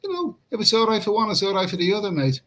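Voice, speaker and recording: A man's voice: high voice, wildly swooping pitch, very fast, a bit bright, rough recording. A man hosting a late-night livestream and reading chat comments in a casual, rambling way. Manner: rambling, repeats himself, chuckles at chat comments. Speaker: livestream host. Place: room in Pattaya at night.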